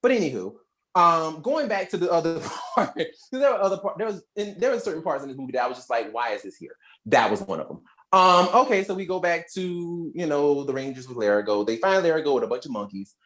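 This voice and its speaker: A young adult woman co-hosting a podcast, casually retelling a movie plot in slangy, animated storytelling. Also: deep voice, fast. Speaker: podcast co-host. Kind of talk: casual movie recap chat.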